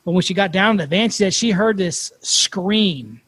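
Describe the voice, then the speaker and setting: High-voiced man telling a creepy story. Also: moderate pace, breathy edge, no echo. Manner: swears freely, animated storyteller. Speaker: podcast host. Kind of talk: casual storytelling.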